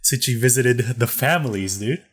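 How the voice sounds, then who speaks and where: A man hosting a podcast, recapping a TV show in relaxed, slangy chat. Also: mid-range voice, moderate pace, breathy edge. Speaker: podcast host. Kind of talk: casual chat.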